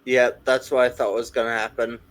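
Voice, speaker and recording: A man's voice: mid-range voice, flat delivery, a little fast, poor audio. A man playing in a tabletop game, talking casually and hesitantly. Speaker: player.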